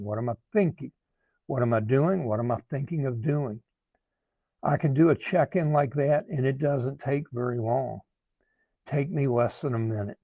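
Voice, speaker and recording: An earnest man talks as a recovery coach, taking his time and restarting phrases as he thinks. His voice is mellow and gravelly with a husky edge. The sound is dry and close. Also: mid-range voice, no room sound. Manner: slow, earnest, repeats words while thinking. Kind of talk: talking to camera, advice monologue.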